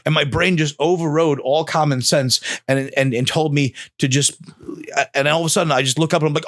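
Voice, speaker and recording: A man's voice: a little high, steady tone, brisk, fairly bright tone, no room sound, studio quality. A young adult man, a tattoo artist and podcast guest, telling a story in casual chat and acting out other people's voices.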